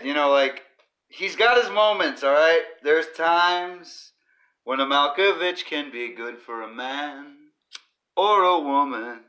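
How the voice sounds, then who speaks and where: A man's voice: a little high, expressive, slow, pushed and bright. A man hosting a comedy podcast, rambling goofily and breaking into silly riffs and sung nonsense. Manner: goofy, riffs and sings silly bits. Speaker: podcast host.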